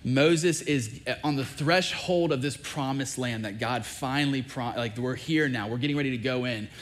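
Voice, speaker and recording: A male pastor preaching a sermon, telling a scripture story with animated, acted-out quoted dialogue. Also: medium pitch, normal speed.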